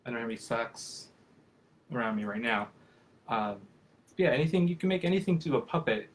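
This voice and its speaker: A man in his thirties answers questions about puppetry over a video call, his voice sitting at an ordinary middle pitch. He talks in a loose, friendly ramble, full of fillers and restarted sentences. It sounds like an informal live chat rather than a prepared talk. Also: animated, fairly quick. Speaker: professional puppeteer.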